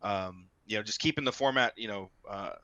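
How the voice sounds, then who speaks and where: A man's voice: fairly low pitch, fairly quick, pushed and bright, no echo. A man guesting on an esports talk show, rambling through his points with constant filler words. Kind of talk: casual esports discussion. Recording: dull lo-fi mic.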